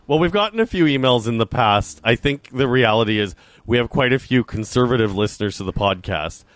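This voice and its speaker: A man co-hosting a casual chat show, talking earnestly and thinking aloud with pauses. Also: mid-range voice, expressive, dry recording. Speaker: podcast co-host.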